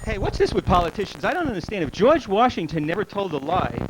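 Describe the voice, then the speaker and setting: Guy doing stand-up at a club, rattles off one-liners quick, kinda high voice, hissy old tape. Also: very animated. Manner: rapid one-liner delivery, quick voices for characters in the jokes. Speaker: stand-up comedian. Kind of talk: stand-up comedy set. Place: comedy club stage. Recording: noisy old club video recording.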